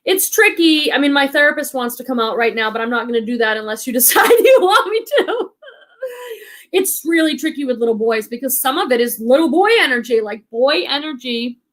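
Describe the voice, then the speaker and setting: A chatty woman in her thirties hosts a live stream and reads viewers' comments aloud. Her voice sits high, and she talks in a bubbly, rambling way, full of fillers and quick laughs. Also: animated, fairly bright tone. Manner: chatty, bubbly, many likes and ums, laughs often. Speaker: live stream host, online reseller. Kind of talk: casual live stream chat reading comments.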